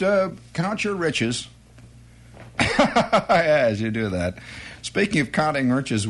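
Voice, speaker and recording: Animated rambling male storyteller. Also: slight background noise. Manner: rambling, animated storytelling with sudden high-pitched quoted exclamations. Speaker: comedian. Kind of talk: stand-up monologue with quoted voices.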